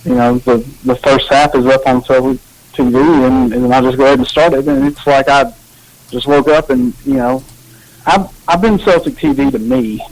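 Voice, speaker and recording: A man chatting casually as a podcast co-host, rambling and relaxed, with many restarts. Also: mid-range voice, moderate pace, rough recording. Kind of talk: casual chat.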